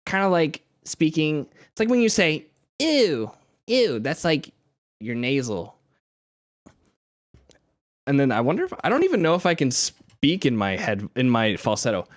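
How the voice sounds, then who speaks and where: A man's voice: medium pitch, wildly swooping pitch, moderate pace, long pauses, dry recording, clean studio sound. A man streaming casually while making music, rambling with fillers and laughing at himself. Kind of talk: casual live-stream chat.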